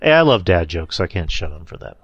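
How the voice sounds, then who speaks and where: Man, podcast host, low voice, loose rambling chat, swears, dry sound. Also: very animated, fairly quick, no room sound, dull audio. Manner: rambling, loose, swears, laughs at own slips. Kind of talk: casual wrestling recap chat.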